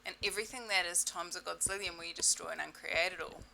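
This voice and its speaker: A woman leading a self-help webinar in a playful, exclamatory way, repeating set clearing phrases. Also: lowish voice, fairly even intonation, fast talker, pushed and bright, a little hiss or hum, low-quality recording. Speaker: webinar facilitator.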